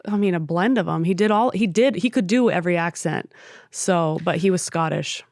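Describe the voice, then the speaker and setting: A woman sharing a candid personal story in conversation, animated and acting out her own past thoughts. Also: on the low side, brisk, no room sound, studio quality. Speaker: podcast guest.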